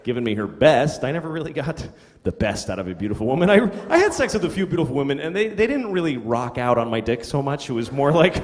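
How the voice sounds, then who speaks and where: A man's voice: medium pitch, animated, quick pace. A middle-aged man performing stand-up comedy, telling crude, self-deprecating stories and acting out quotes. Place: comedy venue stage. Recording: reverberant hall with audience noise. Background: audience laughter.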